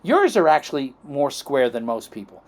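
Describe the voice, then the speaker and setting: A middle-aged man from the United States speaks at a normal speed in a medium-pitched voice with huge pitch swings. He's a chiropractic podcast guest telling long, rambling anecdotes, dramatizing quoted dialogue and checking in with "okay?" and "right?"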